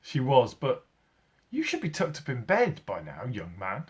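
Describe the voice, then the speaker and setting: A man voicing a kindly but gruff old zookeeper in a read-aloud story, scolding yet fond. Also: mid-range voice, wildly swooping pitch, measured pace.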